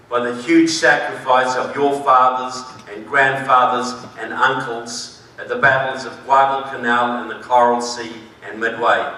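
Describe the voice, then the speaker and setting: A man's voice: medium pitch, bright, forceful tone. A man from New Zealand with a New Zealand accent giving a conference speech, folksy and joking, then emphatic. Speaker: conference speaker. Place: large conference hall. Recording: echoey hall, voice from far off.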